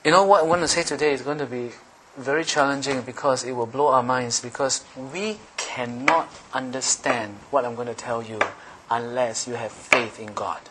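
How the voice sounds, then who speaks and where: A man's voice: mid-range voice, fairly even intonation, normal speed, noisy background. A male pastor giving a sermon in a playful, teasing way, often checking in with his listeners.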